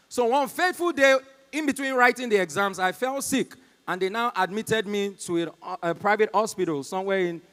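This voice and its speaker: A Nigerian man doing live stand-up comedy, telling stories and talking to the crowd. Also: high-pitched. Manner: storytelling, talks to the crowd. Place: concert stage in a large hall. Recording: long reverb from a hall.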